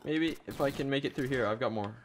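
A man's voice: medium pitch, fast talker, a little hiss or hum. A young man hosting a gaming video, chatting casually and joking as he plays, rambling with lots of fillers. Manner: joking, rambling with many likes. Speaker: gaming channel host. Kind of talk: casual gameplay chat.

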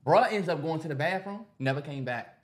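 A man's voice: on the high side, expressive, brisk. A man co-hosting a podcast, talking in a casual, profane, joking way. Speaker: podcast co-host.

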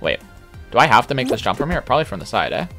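A man streaming a platform game, talking casually in an excitable, boastful way with sudden yelps. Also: mid-range voice, rapid-fire, creaky, music in the background. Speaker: livestreamer. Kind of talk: casual gaming commentary.

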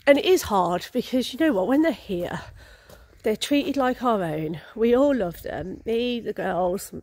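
A woman's voice: fairly high pitch, lively intonation, unhurried, a little mellow, no echo. A woman running a racehorse retraining yard, chatting casually in a rambling way with lots of ums. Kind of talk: casual vlog chat.

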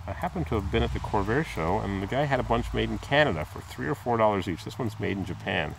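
A man's voice: expressive, fast, vocal fry, a little hiss or hum. Rambling man fixing his car. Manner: rambling, chatty, imitates squeaks in a high voice. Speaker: car repair video maker. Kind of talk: casual hands-on repair talk. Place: outdoors by a car in a driveway. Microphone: phone camera held in hand.

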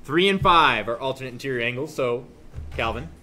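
A young man teaching a math class, joking with students and suddenly yelling for effect, recorded in a classroom. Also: medium pitch, fairly quick. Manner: joking, animated, shouts suddenly. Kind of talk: classroom lesson.

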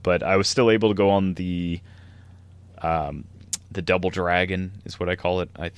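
A man's voice: sits low, fairly even intonation, normal speed, clear, resonant tone. A man co-hosting a podcast, rambling through a casual story and laughing often. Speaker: podcast co-host. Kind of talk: casual chat.

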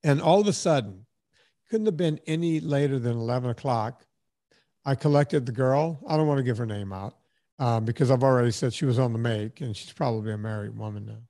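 A brisk, warm, mid-range male voice belongs to a podcast host in his fifties. He chats casually, telling rambling stories and acting out the voices of the people he quotes.

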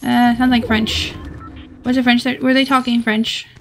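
A woman's voice: fairly high pitch, little pitch movement, normal speed, slight background noise. A woman streaming a shooter game, chatting to herself in a rambling, giggly way. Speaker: gamer streaming solo play. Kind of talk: casual gaming commentary.

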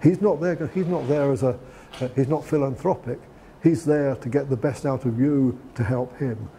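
A man's voice: mid-range voice, moderate pace, vocal fry, warm tone, slight background noise. A man giving a talk on preparing a CV, conversational, with frequent restarts and fillers. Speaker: guest lecturer. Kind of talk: lecture on preparing a CV.

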